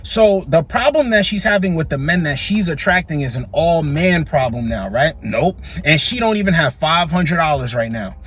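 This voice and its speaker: A man's voice: on the high side, animated, normal speed, hardly any pauses, a bit bright, a little hiss or hum. A man hosting a reaction video, talking in a blunt, mocking way as he comments on clips.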